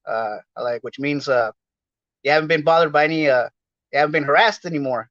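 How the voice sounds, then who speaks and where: A man from Los Angeles hosts his podcast in a loose, rambling style, tossing out slang and fillers as he talks. His voice sits a little on the high side for a man. The sound is dry and dull, like a lo-fi recording. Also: brisk, a bit bright, dry recording. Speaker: podcast host. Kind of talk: casual livestream chat.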